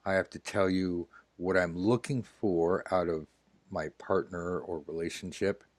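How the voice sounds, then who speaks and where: A man's voice: low-pitched, dry recording. A man hosting a tarot lesson game, chatting in a jokey, rambling way while playing a dating role-play. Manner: jokey, rambling, breaks into laughter.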